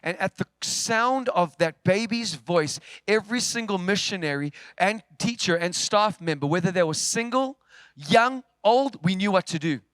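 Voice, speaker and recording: A man preaching a sermon, telling a story with big swings from loud, forceful lines to hushed ones. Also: sits high, expressive, moderate pace, smooth, dry recording. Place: church.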